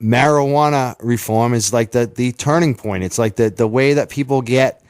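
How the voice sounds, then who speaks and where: A man's voice: medium pitch, moderate pace, darkish tone, clear, resonant tone, no echo, clean studio sound. A man co-hosting a talk radio show, arguing his views earnestly and bluntly. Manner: earnest, opinionated, swears. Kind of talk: casual talk radio chat.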